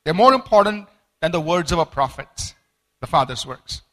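A man preaching a sermon from a study book, animated, acting out quoted voices, with stumbling repeats and fillers. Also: a little high, moderate pace. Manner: animated, acts out quoted voices with rising emphasis.

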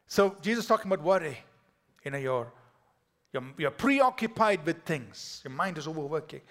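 A pastor delivering a sermon, swinging between loud declarations and hushed, whispered lines. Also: male voice, fairly high pitch, sing-song, normal speed.

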